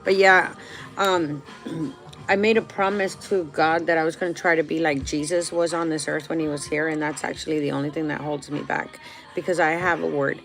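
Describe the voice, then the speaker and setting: A woman's voice: low-pitched, steady tone, moderate pace, a bit bright, faint music behind, poor audio. A middle-aged woman talking candidly and emotionally to her viewers, answering their questions in a rambling way. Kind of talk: casual heartfelt talk to viewers.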